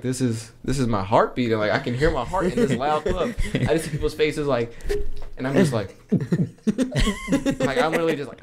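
A young man and podcast co-host telling a story in casual chat, acting out what people said and laughing often. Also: medium pitch. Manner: animated, acts out quoted lines, laughs often.

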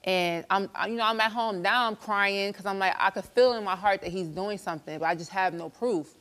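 On a studio stage, a woman guest on a talk show animatedly retells a fight from her relationship, acting out the quarrels. Her voice is mid-range and she talks fairly quickly.

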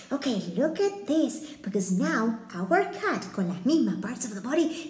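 A woman teaching a craft lesson to small children, speaking in a cheerful, sing-song way, slowly and clearly. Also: on the high side, big pitch swings, darkish tone, echoey room.

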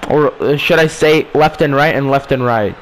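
A young man talking over a football video game, frustrated and swearing, with bursts of yelling. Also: medium pitch, moderate pace. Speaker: gaming streamer. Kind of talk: casual gameplay commentary.

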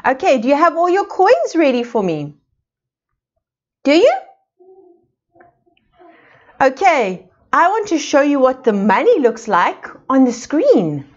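A woman's voice: sits high, very animated, highs cut off. Sing-song woman teaching preschoolers. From South Africa. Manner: slow, sing-song questions to small children. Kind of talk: online preschool lesson.

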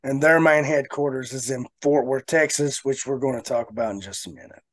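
A man co-hosting a podcast, telling a long story in a casual, animated way and laughing often. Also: medium pitch, fairly quick, dry recording. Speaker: podcast co-host.

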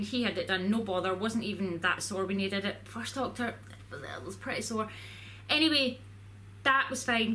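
A woman's voice: mid-range voice, pushed and bright, a little hiss or hum. A woman vlogger chatting casually to camera in a rambling way, full of "like"s.

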